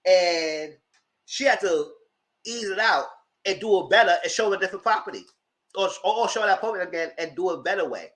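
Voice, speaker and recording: A man recaps reality TV in a loose, chatty way, dishing on the cast like gossip with friends. His voice sits high and bright, with a sharp edge. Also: expressive, fairly quick. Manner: gossipy and dramatic, talks to the audience as "girl". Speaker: TV recap vlogger. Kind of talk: casual reality-TV recap commentary.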